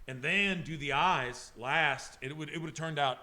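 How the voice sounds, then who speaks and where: A man's voice: a little high, moderate pace, sharp tone. Rambling, profane man chatting on a livestream. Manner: rambling, profane, emotional, talks to chat by name. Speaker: livestreaming airbrush artist. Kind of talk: casual livestream chat with viewers.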